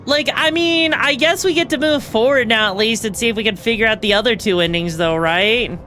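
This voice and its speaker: A young woman streaming a video game, reacting excitedly, swearing freely and tossing in fillers and tag questions. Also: fairly high pitch, fairly quick, slight background noise. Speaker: VTuber streamer. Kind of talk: live gameplay commentary.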